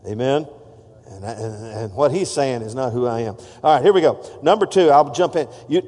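A man's voice: a little high, expressive, a little fast, warm tone, big-room sound. A man preaching a sermon, exhorting the congregation with call-outs. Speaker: pastor.

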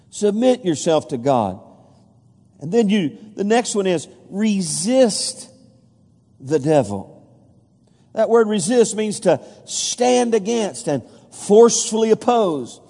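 A man's voice: high voice, big pitch swings, takes it slowly, mellow. A pastor preaching a folksy sermon, stumbling over fillers and restarts, then rising with emphasis when he reads scripture. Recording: long reverb of a large hall.

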